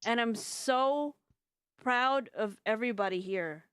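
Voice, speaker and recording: A woman's voice: on the high side, takes it slowly, fairly bright tone, clean tone, no echo, studio quality. Effusive young woman thanking her dub team. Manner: effusive, grateful, rambling with restarts. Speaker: dubbing group director. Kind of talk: casual group chat on a call.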